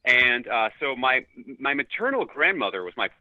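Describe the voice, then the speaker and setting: A man's voice: medium pitch, very animated, normal speed, no room sound, muffled recording. A man from New York City answering interview questions in an upbeat, articulate way. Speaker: guest, leadership consultant.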